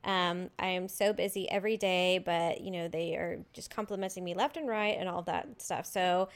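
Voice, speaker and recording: A woman's voice: lowish voice, moderate pace. A young woman co-hosting a podcast, telling a work story in casual chat, laughing as she goes and acting out the dialogue. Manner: chatty, laughs through her stories, acts out quoted dialogue. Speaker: podcast co-host.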